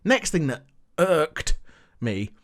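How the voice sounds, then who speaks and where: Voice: medium pitch, sing-song, slow. Exasperated, sweary TV reviewer ranting. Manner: exasperated, profane, sarcastic; swings between loud outbursts and muttering. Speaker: TV show reviewer. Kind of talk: ranting recap commentary.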